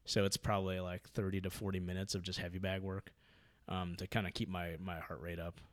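A man chatting casually about his training, rambling with lots of fillers and getting loud when excited. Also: low-pitched, fairly quick, no room sound. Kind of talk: casual podcast chat.

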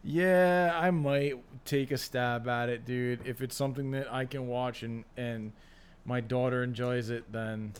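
A man's voice: medium pitch, a little slow, hardly any pauses, clear, resonant tone. A man co-hosting a podcast in casual chat, laughing often and playful. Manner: laughs a lot, animated, playful. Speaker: podcast co-host.

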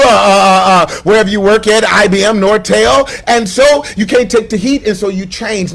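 A man preaching a sermon in a high, ringing voice. He hammers phrases over and over, drops to soft asides and then climbs to shouted peaks. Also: fairly quick, few pauses. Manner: swings between hushed asides and shouted, repeated preaching lines. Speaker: pastor.

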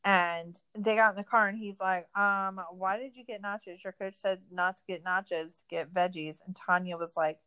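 A woman's voice: medium pitch, steady tone, normal speed, hardly any pauses, sharp tone, clean tone. A young woman co-hosting a podcast, ranting in a casual, profane, sarcastic recap. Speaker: podcast co-host.

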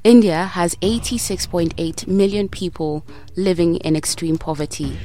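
A woman's voice: fairly low pitch, normal speed, dark tone, soft background music. A woman from Kenya hosting a podcast, upbeat and inviting as she introduces the show. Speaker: podcast host.

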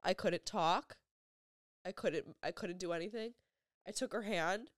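A young woman with a lowish voice tells a painful personal story on her vlog. She speaks in halting, emotional bursts, circling back on her words and filling gaps with "like". The sound is close and dry, with no room echo. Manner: halting, emotional retelling with repeated phrases and many "like" fillers. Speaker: vlogger.

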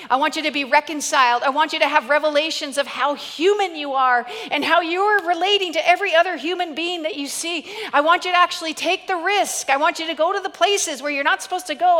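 Woman preacher, high bright voice, emphatic and repetitive, echoing hall. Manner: emphatic, repetitive, storytelling with humor. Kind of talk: sermon.

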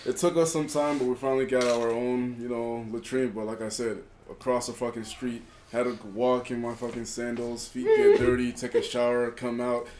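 A man's voice: mid-range voice, expressive, moderate pace, hardly any pauses, a little mellow, roomy sound, slight background noise. A young man co-hosting a podcast, telling stories bluntly with lots of swearing. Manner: swearing, blunt, laid-back storytelling. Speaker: podcast co-host. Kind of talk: casual banter.

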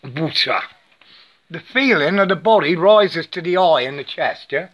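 A man talks slowly into a phone in a rather high voice. He breaks into chants of wordless syllables, rambles about spiritual ideas, and keeps asking "yeah?" while he stumbles over repeated words. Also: lively intonation, a bit bright, highs cut off.

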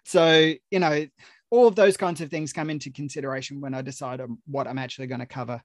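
A man's voice: mid-range voice, no room sound. A man with an Australian accent, a film critic talking enthusiastically in a casual podcast conversation. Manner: enthusiastic, chatty, many fillers.

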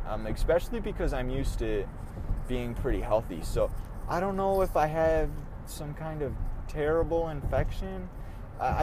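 A young man talks through his own podcast in a loose, rambling way, cutting himself down and swearing without a second thought. His voice sits a little high for a man. A faint hum of noise runs underneath, as if he is in or near a car. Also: darkish tone. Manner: rambling, self-deprecating, swears casually. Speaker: podcast host. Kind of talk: casual solo podcast monologue.

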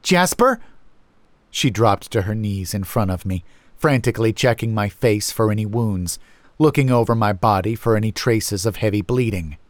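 Male horror narrator, low and unhurried, brooding, dry close-mic sound. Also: darkish tone, no room sound. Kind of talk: first-person horror narration.

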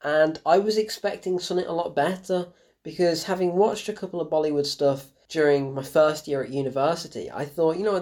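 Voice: mid-range voice, fairly quick, darkish tone. A young adult, giving a casual, rambling film review full of sarcasm and self-corrections.

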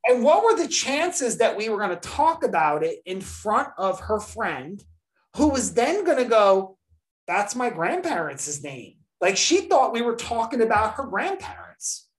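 A woman's voice: a little high, a little slow. A woman hosting a podcast, telling a long story in casual chat and acting out the people she quotes. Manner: animated storyteller, acts out quotes. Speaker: podcast host.

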